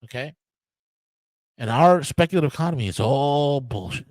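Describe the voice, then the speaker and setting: A US podcast host with a medium-pitched, somewhat dark and expressive voice rants angrily about politics at normal speed, swearing freely. His speech is full of restarts and emphatic repetition, recorded dry and rough.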